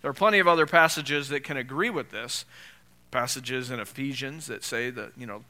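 Fairly quick and forceful, a man's bright, mid-range voice carries this sermon. The pastor adopts a conversational style, repeatedly asking the congregation rhetorical questions and lifting his voice as he reads scripture.

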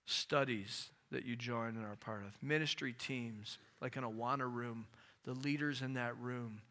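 A male pastor giving a sermon in an animated way, asking the audience questions and acting out stories. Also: mid-range voice, measured pace.

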